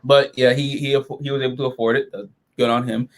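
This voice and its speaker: A man's voice: medium pitch, quick pace. A man hosting a casual review chat, rambling and swearing freely as he talks through an episode. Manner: animated, profane, rambling. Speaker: show host reviewing episodes.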